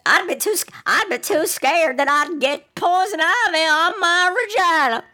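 A man voicing a crude, blunt old grandmother in a high, shrill falsetto. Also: unhurried, bright, forceful tone, full character voice. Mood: crude scolding.

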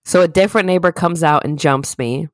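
A woman co-hosting a casual podcast, telling stories in a lively way and acting out quoted people. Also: sits low, brisk, no room sound. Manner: animated storyteller, acts out quotes in raised voices. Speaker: podcast co-host. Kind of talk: casual chat.

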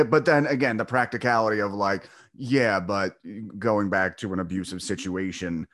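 A man's voice: on the low side, a little fast, hardly any pauses, fairly bright tone. A man hosting a podcast, talking bluntly and sarcastically with plenty of swearing. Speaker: podcast host. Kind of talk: casual conversation.

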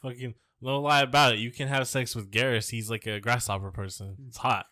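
A man's voice: medium pitch, fairly even intonation, a little fast, pushed and bright, dry recording, clean studio sound. A man co-hosting a podcast, talking in a crude, rambling, jokey way. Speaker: podcast co-host. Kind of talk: casual comedic chat.

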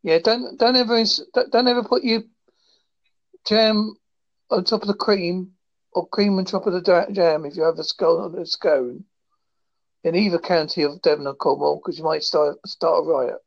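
A man's voice: sits high, fairly even intonation, normal speed, gravelly, muffled recording. A man from England chatting casually, joking around and slipping into silly voices. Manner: jokey, slips into silly voices and impressions. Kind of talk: casual chat.

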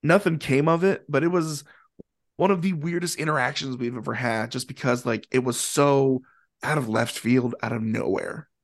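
A man telling a long story in a casual, animated way, with plenty of fillers and acted-out quotes. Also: mid-range voice, normal speed. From Indianapolis area, USA. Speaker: guest musician.

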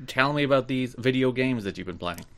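A man's voice: mid-range voice, a little fast. A young man hosting a podcast in casual chat, dry and teasing. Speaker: podcast host.

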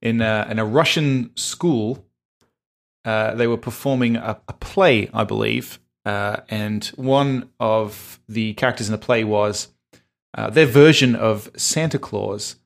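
Male podcast co-host with a gravelly voice, rambling and quick to laugh. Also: fairly low pitch. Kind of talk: casual chat.

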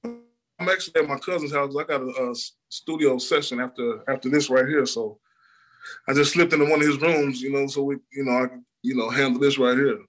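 A man from Illinois, an R&B singer, chatting casually as an interview guest over a video call, relaxed with lots of fillers and laughter. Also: mid-range voice, a little fast, faint music behind. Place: room in a cousin's house.

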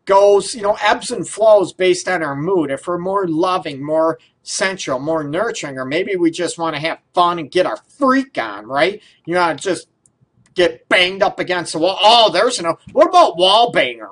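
A man's voice: fairly high pitch, lively intonation, normal speed, a bit bright. A man hosting a talk radio show, playful and rambling, laughing often as he tosses out questions. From Detroit area. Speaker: radio show host, counselor. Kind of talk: casual talk radio, chatty.

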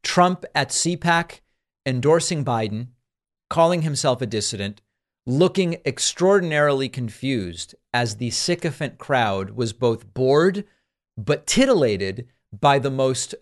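A man hosting a political commentary show, sarcastic and incredulous as he reacts to clips. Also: mid-range voice.

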